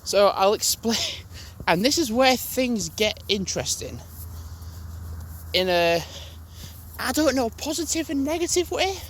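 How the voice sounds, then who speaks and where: A man's voice: very high voice, sing-song, measured pace, pauses often, a bit bright, a little hiss or hum. A young man, casually telling a story to camera, rambling, restarting and swearing as he goes. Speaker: gaming channel host.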